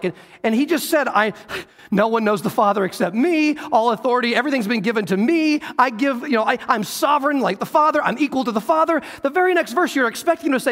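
A man's voice: high-pitched, expressive, fast, a bit bright. A man preaching a sermon as pastor, earnest and emphatic, often restarting his words. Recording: reverberant hall.

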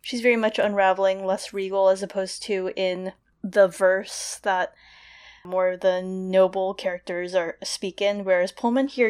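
A woman's voice: medium pitch, darkish tone. A young woman in casual analytical talk, explaining poetry thoughtfully and often restarting with fillers like "you know" and "like". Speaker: podcast co-host discussing literature.

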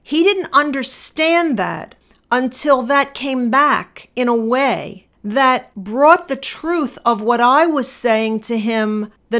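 A middle-aged woman attorney telling a personal story and reflecting on it in a measured, deliberate way. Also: fairly high pitch, a bit bright. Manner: measured, deliberate, slowing for emphasis.

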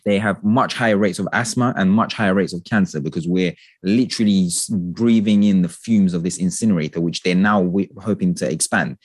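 Passionate ranting man, low voice. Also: a little fast, hardly any pauses, no room sound, clean studio sound. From England. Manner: passionate, swearing, animated ranting. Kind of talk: casual political chat.

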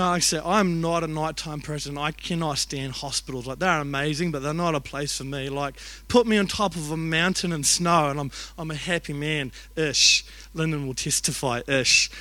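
A man's voice: a little high, brisk, a bit bright, no echo. A man preaching at a church service, telling a personal story in an earnest, conversational way, full of "like" and asides. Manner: conversational, earnest, heavy use of "like". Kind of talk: emotional storytelling sermon.

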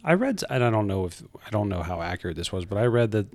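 Male podcast co-host, lowish voice, halting and questioning, dry close mic. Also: sing-song, darkish tone, no room sound. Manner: hesitant, questioning, repeats words. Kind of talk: casual chat.

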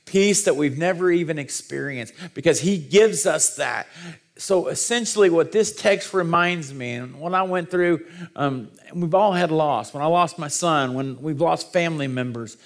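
A middle-aged man preaching a sermon, mixing scripture reading with earnest personal stories and self-deprecating humor. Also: a little high. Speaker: pastor.

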